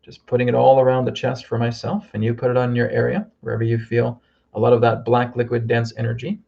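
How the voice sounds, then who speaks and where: Gravelly man guiding a healing meditation. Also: medium pitch, monotone, lo-fi sound. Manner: slow, soothing instructions with frequent "okay?". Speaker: healer leading a group healing.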